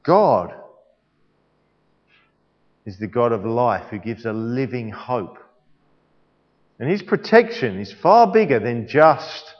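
A male preacher delivering a sermon in a playful way, quizzing the congregation, recorded in an echoey church hall with a dull sound. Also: mid-range voice.

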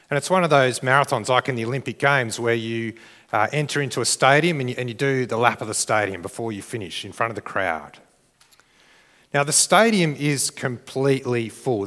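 A man preaching a sermon in a conversational, earnest way, often restarting his phrases. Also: mid-range voice. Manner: conversational, restarts phrases, rises to shouted crowd cheers. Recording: long reverb of a church hall.

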